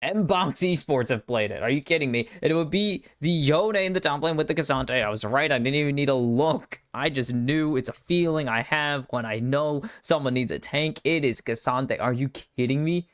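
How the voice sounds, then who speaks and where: A man's voice: on the high side, normal speed, few pauses, a bit bright, no echo, studio quality. Chatty American man casting esports solo. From United States. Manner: chatty, self-deprecating, muttering asides. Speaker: esports caster. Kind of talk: solo live esports draft commentary.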